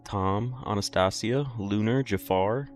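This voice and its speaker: A man's voice: fairly low pitch, a little slow, soft background music. A tired young man streaming a game, chatting loosely with his viewers and yawning, rambling with many fillers. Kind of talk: casual live-stream chat with viewers.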